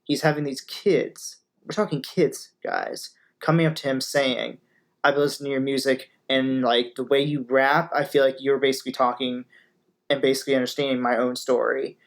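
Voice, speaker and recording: A man's voice: mid-range voice, little pitch movement, normal speed. Rambling young man hosting a reaction video. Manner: rambling, filler-heavy, upbeat. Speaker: music reaction host. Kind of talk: casual reaction commentary.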